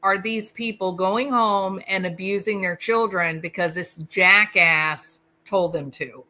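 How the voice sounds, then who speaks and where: Slow-talking indignant woman host. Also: medium pitch, fairly even intonation, bright, forceful tone. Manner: indignant, emphatic, repeats words for stress. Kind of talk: casual commentary.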